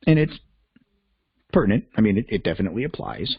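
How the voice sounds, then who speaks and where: A man's voice: lowish voice, wildly swooping pitch, fast talker, vocal fry, husky, no room sound, lo-fi sound. A man hosting a reflective self-help talk, candid and conversational, thinking aloud as he goes. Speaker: podcast host and life coach.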